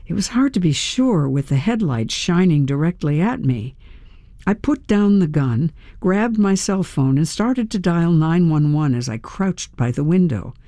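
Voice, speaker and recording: A narrator reading a tense first-person story aloud in a measured, storytelling manner. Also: mid-range voice, dark tone, dry recording, clean studio sound. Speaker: audiobook narrator.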